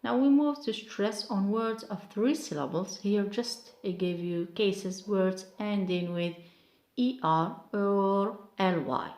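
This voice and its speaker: A woman, teaching English word stress slowly and carefully, repeating each example word. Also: medium pitch, a little mellow, roomy sound. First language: Arabic. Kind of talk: online pronunciation lesson.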